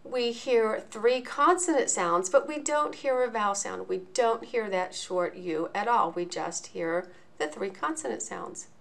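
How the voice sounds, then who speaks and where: A woman teaching a lesson in a video, explaining each point slowly and enunciating clearly. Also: mid-range voice, fairly bright tone. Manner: slow, deliberate, clearly enunciated.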